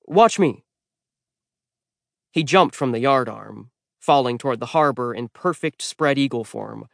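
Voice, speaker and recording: Casting male audiobook narrator, mid pitch, wry deadpan read, dry booth. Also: normal speed, gravelly, dry recording. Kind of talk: first-person scripted narration. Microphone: close studio mic. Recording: dry studio recording.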